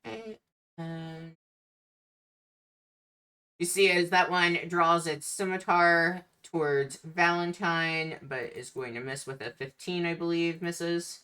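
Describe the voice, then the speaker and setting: Low, slow-talking woman game master. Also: fairly even intonation, pushed and bright, clear, resonant tone. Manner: unhurried, laughs often between rulings. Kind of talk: running a tabletop game.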